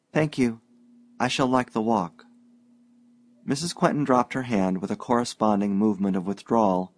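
A man narrating an audiobook in a steady, even-paced reading. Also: on the low side, no room sound.

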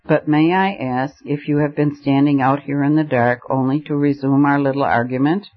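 A man reading the part of a patient, dryly witty male debater who speaks in a measured way, on a slightly muffled recording. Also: a little high, steady tone, lightly acted.

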